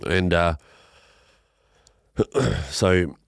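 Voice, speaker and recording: Australian man, low register, emotional podcast guest, halting delivery, frequent swearing, dry mic. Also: vocal fry, clean tone, no room sound. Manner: halting, emotional, swears often, many restarts. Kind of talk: emotional personal storytelling interview.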